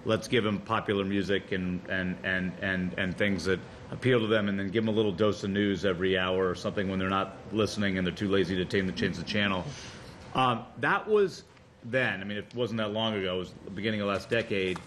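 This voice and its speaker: A man on a board, speaking in a meeting in a conversational, halting way with repeated words. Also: deep voice, fairly even intonation, a bit bright, slight background noise. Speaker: board member.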